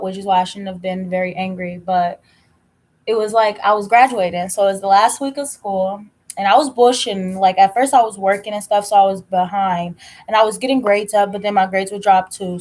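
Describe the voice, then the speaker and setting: A young woman chats casually, telling a story from her own life. She talks bluntly and with lots of life, swearing freely along the way. Her voice sits at a middle pitch. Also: a little mellow, low-quality recording. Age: young adult. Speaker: tarot reader telling a story.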